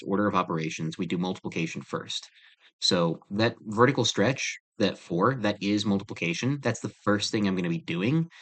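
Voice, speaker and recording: Male math teacher, slightly low pitch, relaxed chatty walkthrough, self-deprecating asides. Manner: chatty, self-deprecating, thinks aloud with fillers. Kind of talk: casual screen-recorded math lesson.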